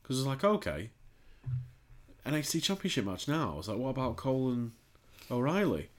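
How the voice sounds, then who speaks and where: A man's voice: medium pitch, sing-song, normal speed. A man co-hosting a podcast, rambling and swearing in casual chat. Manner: sweary, rambling, laughs easily. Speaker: podcast co-host.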